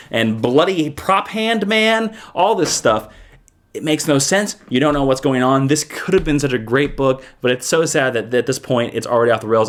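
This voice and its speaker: A man giving casual, rambling video reviews of comic books, with an animated and jokey manner. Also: fairly high pitch.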